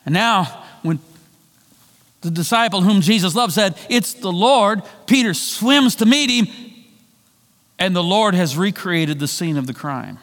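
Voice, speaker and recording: A man preaching a sermon, retelling a story and acting out the voices in it, shifting between loud and hushed delivery. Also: sits high, expressive, a little slow. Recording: long hall reverb.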